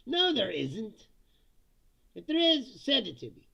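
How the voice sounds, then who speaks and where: Male live-stream host with a husky, slightly high voice, blunt and profane, chuckles often. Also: huge pitch swings, unhurried, pauses often, sharp tone. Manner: profane, blunt, laughs often between remarks. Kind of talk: casual ranting live-stream commentary.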